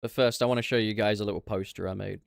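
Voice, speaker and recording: A man hosting a casual livestream chat, swearing freely and throwing in quick asides. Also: lowish voice, steady tone, creaky, no room sound, clean studio sound. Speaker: podcast host.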